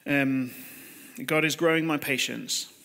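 A man's voice: a little high, measured pace, vocal fry, bright, forceful tone. A man in his thirties preaching a conversational, confessional sermon over a video call, with rhetorical questions to his listeners. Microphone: computer mic on a video call.

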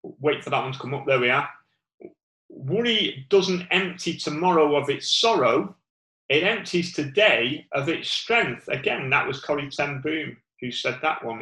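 Northern english man, informal sermon, slightly high voice, halting with fillers, echoey room. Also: lively intonation, pushed and bright. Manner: rambling, many fillers and restarts. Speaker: preacher.

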